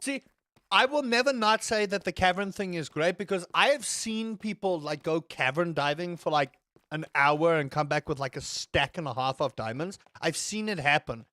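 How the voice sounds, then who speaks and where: A man's voice: fairly high pitch, lively intonation, moderate pace, pushed and bright, dry recording, clean studio sound. A man streaming a game with casual, chatty commentary, joking and swearing freely as he talks to his viewers. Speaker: gaming streamer.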